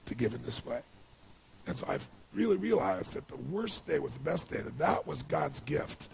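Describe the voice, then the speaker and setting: A man telling an emotional story to a seminar audience, building to excited outbursts. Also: medium pitch, gravelly, a little hiss or hum. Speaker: motivational speaker. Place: large seminar hall with audience.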